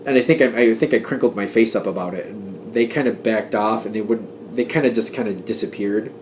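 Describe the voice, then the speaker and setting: A man's voice: lowish voice, brisk, darkish tone, slight background noise. A man giving a casual tarot reading, talking in a chatty, emphatic way as he gets worked up and laughs at himself. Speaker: tarot reader.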